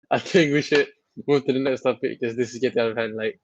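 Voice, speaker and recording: A man's voice: medium pitch, steady tone, a little fast, dry recording, lo-fi sound. A man co-hosting a podcast in casual chat, rambling and teasing his friends with frequent laughter. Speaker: podcast co-host.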